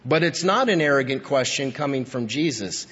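A man preaching a sermon in a church, his husky voice carrying a long hall reverb. He is emphatic, pushing up to stress points and sinking low after them. The recording sounds dull and lo-fi. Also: lively intonation, normal speed, fairly bright tone. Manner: emphatic, rising to stress key points then dropping low. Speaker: pastor.

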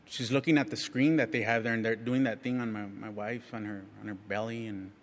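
A man's voice: fairly low pitch, steady tone, a little fast. A middle-aged man giving a candid personal testimony at church, frank and self-mocking, chatty with frequent restarts. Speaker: church speaker sharing a testimony. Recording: long reverb of a large hall.

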